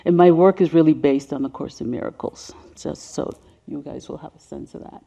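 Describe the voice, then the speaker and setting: A woman of about seventy with a deep voice gives a seminar presentation on racial healing. She speaks softly and sinks to a whisper on emotional points. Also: brisk, vocal fry. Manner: soft-spoken, sinking to a whisper on emotional points.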